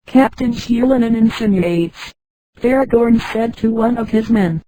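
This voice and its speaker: A synthetic female voice reads a space adventure story aloud, fairly high-pitched with a soft, dark tone. The delivery is flat and mechanical, and it speaks punctuation names aloud. The sound is dry and close. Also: measured pace, no echo, low-quality recording. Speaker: narrator.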